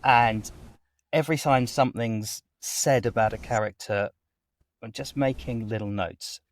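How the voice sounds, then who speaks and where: Guy on a podcast interview, chatty and animated, talks on and on about his craft. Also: mid-range voice, a little slow. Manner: chatty, animated, explains at length. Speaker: voice actor guest. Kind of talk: conversational interview.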